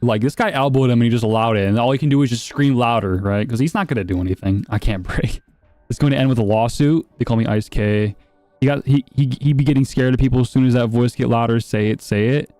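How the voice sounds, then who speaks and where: A man's voice: mid-range voice, quick pace, mellow, dry recording. A man streaming live and reacting to videos in blunt, profane, rambling casual commentary.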